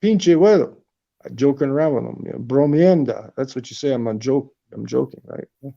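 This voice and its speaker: Gravelly, profane man chatting on a livestream. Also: medium pitch, a little fast, dark tone, muffled recording. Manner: profane, rambling storytelling. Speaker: livestream host. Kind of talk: casual chat. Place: apartment.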